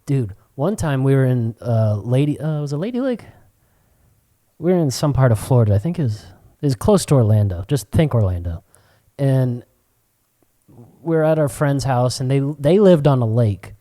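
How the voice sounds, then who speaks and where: A young male podcast co-host spinning a casual anecdote. His pitch swings widely, and he jumps into squeaky, shouted voices when he quotes people. He swears freely throughout. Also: normal speed. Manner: animated storyteller, swears a lot, yelps into high quoted voices. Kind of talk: casual chat.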